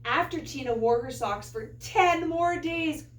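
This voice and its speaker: A woman teacher reading a picture book aloud to children, an animated storyteller with playful asides. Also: high-pitched, unhurried. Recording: echoey room, far from mic.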